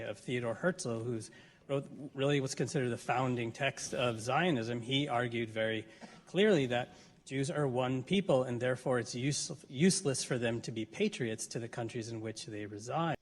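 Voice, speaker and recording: A man giving measured, explanatory political commentary in a played clip. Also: mid-range voice. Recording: reverberant clip with faint noise.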